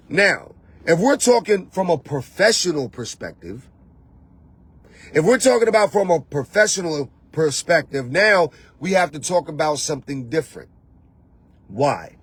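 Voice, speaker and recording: A man's voice: high-pitched, expressive, normal speed, fairly bright tone, slightly rough. A man hosting a show as a spiritual coach, giving an emphatic motivational talk full of repeated phrases and rhetorical questions. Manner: talks straight to the listener with rhetorical questions. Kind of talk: motivational monologue.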